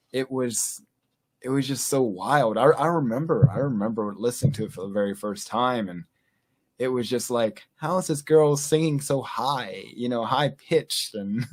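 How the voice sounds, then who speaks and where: A man from Louisiana hosting a podcast, chatting casually with lots of fillers and frequent laughter. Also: medium pitch. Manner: rambling, laughs often, many fillers. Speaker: podcast host. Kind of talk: casual chat.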